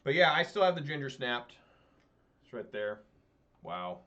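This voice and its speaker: A man's voice: mid-range voice, big pitch swings, measured pace, fairly bright tone, lo-fi sound. A man giving casual, chatty commentary while playing an online card game, swearing when the deck lets him down.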